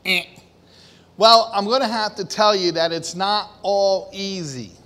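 A man preaching a sermon to a congregation, animated, often acting out the voices of worried people and of God. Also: high-pitched, unhurried. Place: church hall with a congregation. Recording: long hall reverb.

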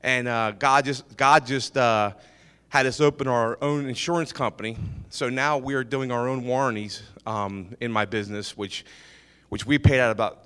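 A man of middle pitch tells an informal testimony in a ministry meeting, acting out the voices in his story and circling back over his words. His voice rings with a long reverb from the hall. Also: clean tone. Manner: lively, acts out dialogue, repeats and restarts. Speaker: business owner sharing a testimony.

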